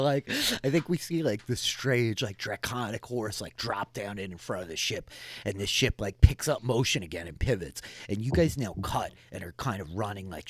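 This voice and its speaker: A man's voice: on the low side, slightly rough, dry recording. A man narrating a tabletop game as game master, rambling with many fillers.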